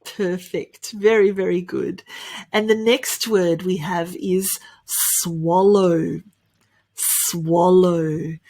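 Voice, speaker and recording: An Australian woman teaching English pronunciation in an online lesson, cheerful, often laughing and drilling words slowly. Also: on the low side, steady tone, dark tone.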